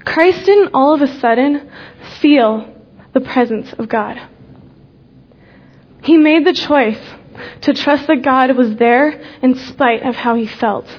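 A young woman giving an earnest personal faith testimony, speaking slowly with deliberate pauses and letting key words drop soft. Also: high voice, muffled recording.

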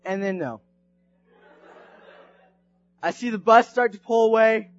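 High-voiced animated man telling a sermon story. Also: slow, no room sound, lo-fi sound, soft background music. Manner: animated, swings from hushed to shouting.

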